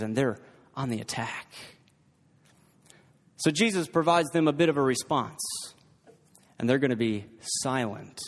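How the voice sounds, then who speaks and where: A man preaching a sermon as pastor, emphatic and rhetorical, repeating his key points and drawing the listeners in with questions. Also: medium pitch. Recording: long hall reverb.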